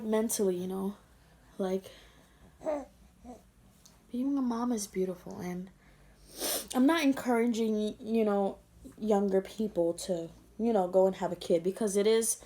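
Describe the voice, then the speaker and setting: A woman's voice: mid-range voice, unhurried, long pauses, dark tone. A young woman vlogger telling an emotional story, tender and rambling, teary-eyed as she talks.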